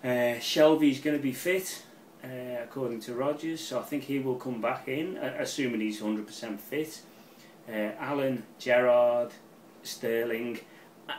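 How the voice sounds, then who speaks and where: A middle-aged man giving a casual, rambling football match preview, excitable and swearing freely. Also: mid-range voice, unhurried, recorded from a distance, slight background noise. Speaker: football fan channel pundit. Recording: roomy, off-mic with faint ambience.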